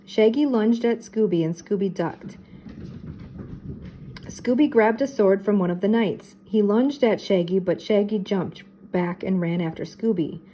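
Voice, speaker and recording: An older woman, a teacher, reading a children's mystery book aloud with steady, expressive narration. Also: medium pitch, unhurried, slight background noise, rough recording.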